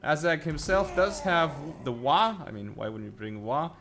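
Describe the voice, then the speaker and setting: A man's voice: fairly high pitch, sing-song, normal speed, vocal fry. A man hosting and casting a strategy game tournament, casual and chuckling as he lists unit builds. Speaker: host and caster. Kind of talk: esports game commentary. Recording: faint background noise.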